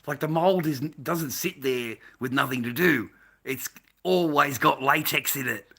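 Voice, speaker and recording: Australian man, mask maker, casual profane live-stream rant, bright tense tone. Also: fairly high pitch, measured pace. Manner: profane, rambling, laughs often. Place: at home.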